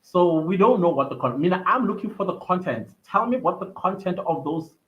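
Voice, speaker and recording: A man's voice: sits high, lively intonation, a little fast. A young South African man hosting a livestream, chatting casually and reading viewer comments aloud with frequent laughter. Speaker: livestream host. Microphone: computer mic on a live stream. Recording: slightly dull lo-fi stream audio.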